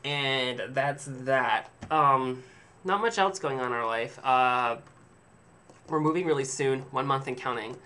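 A man's voice: medium pitch, measured pace, sharp tone. A man telling a rambling, sarcastic story to camera in a casual vlog, swearing freely. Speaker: vlogger.

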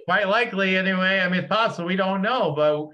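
A man's voice: high-pitched, fast talker, bright, forceful tone. A man hosting a spiritual podcast, talking in a rambling, casual way with many restarts. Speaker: podcast host. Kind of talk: casual conversation. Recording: dull lo-fi sound.

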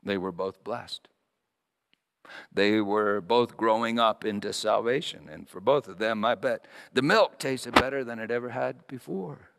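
A man preaching a sermon as pastor, impassioned, swinging from loud emphatic peaks to hushed lines, and telling a story along the way. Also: on the low side, unhurried, vocal fry, big-room sound.

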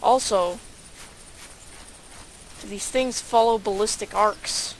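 A woman's voice: mid-range voice, takes it slowly, slight background noise, low-quality recording. A woman giving casual, sarcastic let's-play commentary, grumbling and talking to herself as she plays. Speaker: gaming YouTuber.

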